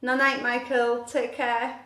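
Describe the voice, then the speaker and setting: A woman's slow, flat voice, a little high and fairly bright, carries through an echoey room during her live stream. She reads out viewers' comments and responds to questions about her hobby casually, apologizing and putting herself down.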